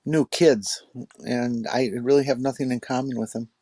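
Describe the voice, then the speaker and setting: A man chatting casually on a podcast, speaking in a halting, hesitant way. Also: mid-range voice, steady tone, a little mellow, dry recording. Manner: hesitant, halting, full of fillers. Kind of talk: casual chat.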